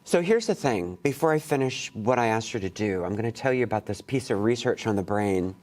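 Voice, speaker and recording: A man's voice: fairly low pitch, lively intonation, a little fast, a little mellow. A man leading a college poetry workshop, talking casually and candidly to students, with rambling asides and casual swearing. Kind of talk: casual, digressive workshop talk. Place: college classroom.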